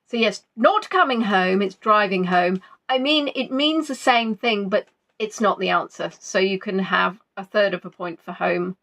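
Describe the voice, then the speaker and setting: A woman's voice: medium pitch, moderate pace, a bit bright. A woman hosting a casual quiz stream, chatty and playful as she reads out viewers' answers. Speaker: quiz host.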